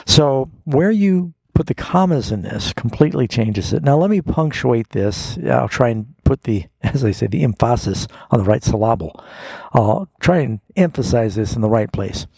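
Gravelly, dark-voiced pastor explaining scripture. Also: male voice, medium pitch, animated, no echo. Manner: explanatory, unhurried teaching tone. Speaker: pastor answering Bible questions. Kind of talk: call-in radio Bible Q&A.

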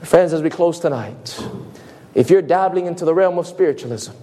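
A man preaching a sermon with emphatic delivery and dramatic pauses. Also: fairly high pitch, dark tone.

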